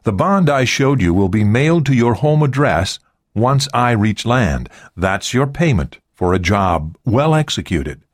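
A man voicing a smug, self-assured male hijacker in an audiobook, smooth and cocky. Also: medium pitch, big pitch swings, a little slow, no room sound, clean studio sound.

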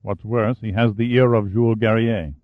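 A man voicing a grave French-Canadian prime minister who speaks calmly and measuredly. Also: fairly low pitch, no echo, lightly acted. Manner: calm, measured. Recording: phone-like narrow band, dry.

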